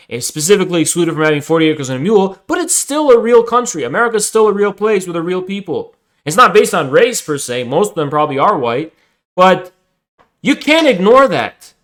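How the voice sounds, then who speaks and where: A man's voice: on the high side, fairly bright tone, poor audio. A man streaming a debate and ranting at his chat, aggressive, taunting and profane. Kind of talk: livestream debate and rant at chat.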